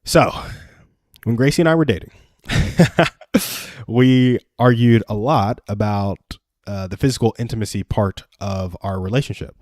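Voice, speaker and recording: A man's voice: lowish voice, measured pace, pauses often, a little mellow, no echo, clean studio sound. Earnest young man giving advice. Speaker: livestream host. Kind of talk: casual advice chat.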